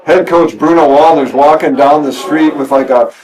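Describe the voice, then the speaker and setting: Middle-aged man, dry wit, light high-ish voice, easy reminiscing. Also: moderate pace, a little mellow, poor audio. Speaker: former player reminiscing. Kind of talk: casual chat.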